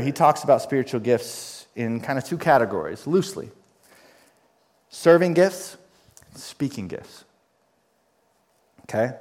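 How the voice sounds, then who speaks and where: A man's voice: medium pitch, a little mellow. A man preaching in a church, speaking in the middle range of the male voice. He builds his points through repetition and rhetorical questions, with an emphatic pastoral delivery. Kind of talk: sermon.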